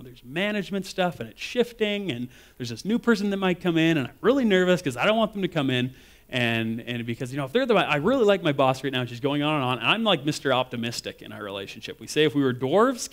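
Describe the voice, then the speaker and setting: A man preaching in a relaxed, conversational way. He tells stories and slips into other people's voices, getting louder and higher for the quoted lines and dropping soft for the earnest ones. His voice sits at an ordinary middle pitch. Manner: casual, animated storytelling with acted-out quotes. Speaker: guest speaker. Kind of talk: sermon.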